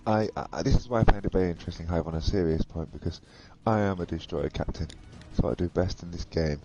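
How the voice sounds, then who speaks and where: A man chatting casually in voice chat while gaming, excitable and stammering through restarts. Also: low voice, fast talker, highs cut off, soft background music. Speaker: guest gamer.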